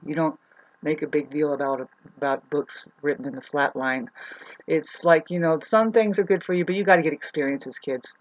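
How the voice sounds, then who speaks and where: A woman's voice: low voice, brisk, dull audio. A woman telling a personal story to camera as a vlogger, rambling and restarting, heated and swearing. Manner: rambling, repeats herself, restarts often.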